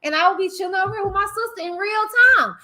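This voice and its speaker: A woman's voice: very high voice, quick pace, sharp tone, slight background noise. A woman hosting a live stream, talking bluntly and animatedly in casual commentary. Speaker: livestream host.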